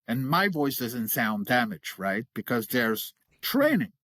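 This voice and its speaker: A man's voice: mid-range voice, very animated, unhurried, a bit bright, no echo, studio quality. A middle-aged man, a guest on an interview, explaining vocal technique in an enthusiastic, explanatory way and laughing readily. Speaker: guest, creature voice coach.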